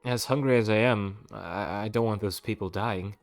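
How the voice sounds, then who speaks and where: A man's voice: lowish voice, moderate pace, dry recording, faint music behind. A man playing his character in a tabletop game, polite and apologetic. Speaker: player. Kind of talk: in-character play.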